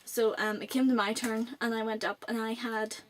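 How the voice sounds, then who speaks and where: Chatting to camera in a rambling vlog, this late-teen vlogger from Northern Ireland speaks with a flat, somewhat high voice at normal speed. A little background noise can be heard.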